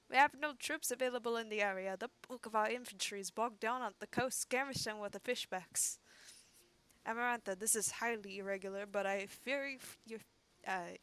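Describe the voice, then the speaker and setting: A woman voicing a gruff male naval officer who barks orders. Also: mid-range voice, bright, forceful tone, close to an everyday voice. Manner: commanding, barking orders.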